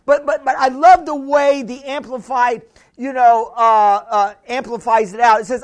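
A man's voice: very high voice, steady tone, moderate pace. A man preaching a sermon in a chatty way, laughing often and calling out to the congregation. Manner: chatty, laughing, calls and responses. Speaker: pastor.

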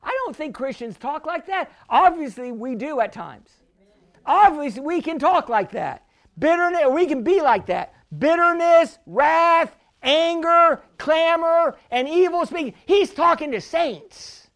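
A pastor preaching a healing sermon, fervent and often shouting, calling for responses from the congregation. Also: male voice, very high voice, expressive, unhurried.

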